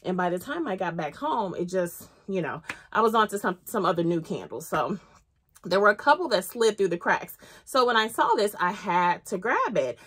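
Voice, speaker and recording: A woman in her thirties chatting casually as she reviews a candle, excitable and full of ums. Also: medium pitch, normal speed, breathy edge. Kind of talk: casual chat.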